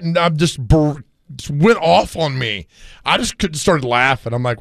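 Hoarse, animated radio host. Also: male voice, fairly high pitch, moderate pace, no room sound, studio quality. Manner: animated storyteller, laughs often. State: hoarse from screaming. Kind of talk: casual sports radio chat.

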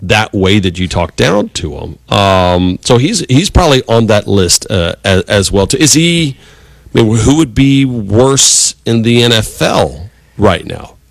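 Low-voiced male sports radio host. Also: very animated, a little slow, vocal fry, no room sound. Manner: rambling, conversational, many restarts. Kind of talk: casual sports talk radio.

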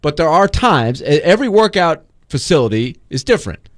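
A man's voice: fairly high pitch, brisk, dry recording. A man co-hosting a sports radio show, chatting casually and rambling with lots of fillers from a studio. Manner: rambling, animated, full of fillers.

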